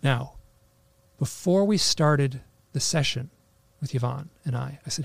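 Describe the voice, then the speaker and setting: A man recounts a personal experience in a casual, rambling way, leaning on "like" and restarting his sentences. His voice has a gravelly, fry-edged texture at an ordinary pitch. The recording is dry and close, with no room sound. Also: unhurried, no room sound. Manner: rambling, full of "like" fillers and restarts. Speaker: interview guest.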